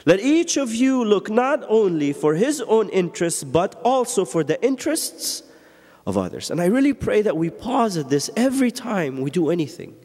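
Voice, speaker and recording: Animated male preacher in a reverberant church hall. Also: normal speed. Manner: animated, swings between loud emphatic lines and low quiet asides, laughs often. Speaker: Bible study teacher. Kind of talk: sermon.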